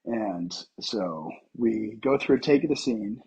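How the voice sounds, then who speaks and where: A man in his thirties from Colorado, an actor telling a personal story in a casual interview, animated and full of fillers. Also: on the low side, unhurried, vocal fry, husky, lo-fi sound. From Colorado, USA. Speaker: actor, podcast guest.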